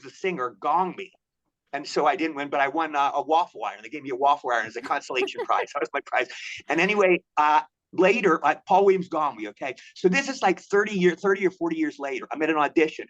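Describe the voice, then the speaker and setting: A man in his sixties from Maryland, telling long animated anecdotes as an interview guest, often repeating himself. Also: on the high side, fast, muffled recording. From Maryland, USA. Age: 60s. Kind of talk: storytelling interview.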